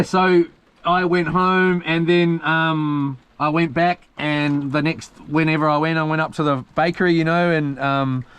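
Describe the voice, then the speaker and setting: A slangy New man rambles through old stories for his live-stream viewers, full of ums, false starts and tangents. His voice sits a little high for a man and comes through smooth and clear. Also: a bit bright. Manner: meandering storyteller with many ums and restarts, slangy. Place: on a boat at sea.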